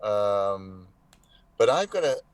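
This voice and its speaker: A man, an actor being interviewed, telling animated anecdotes in casual conversation, often restarting his sentences. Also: fairly low pitch, takes it slowly, clear, resonant tone, no echo.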